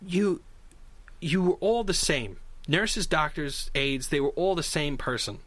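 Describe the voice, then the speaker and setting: A man's voice: a little high, a little slow, dry recording. A man co-hosting a casual chat, telling stories with energy and acting out other people's voices. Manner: animated storyteller, acts out shouting voices.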